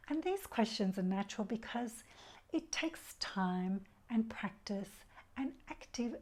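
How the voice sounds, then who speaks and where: A woman speaks slowly and softly, guiding listeners through a spiritual teaching. Her voice is mellow and warm, never pushed. On key phrases it sinks into breathy near-whispers. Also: mid-range voice. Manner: soft, slow and unhurried, drops to breathy whispers on key words; leads a slow, soft group mantra chant. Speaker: bhakti yoga teacher. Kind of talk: gentle spiritual talk.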